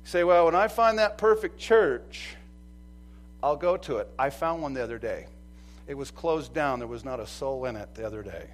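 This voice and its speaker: A man preaching a sermon as pastor, animated, acting out quoted voices and swinging from loud to soft. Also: mid-range voice, moderate pace, faint music behind, low-quality recording. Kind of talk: lively sermon.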